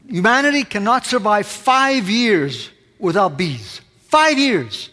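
A man's voice: very high voice, bright, forceful tone, in a large hall. A man preaching a sermon as pastor, impassioned, pressing his congregation with rhetorical questions.

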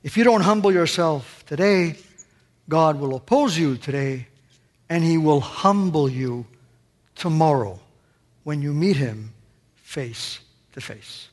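A man preaching a sermon with passion, climbing high on his questions and sinking to a near hush on his closing phrases. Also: lively intonation, slow pace, pauses often, big-room sound. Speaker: pastor.

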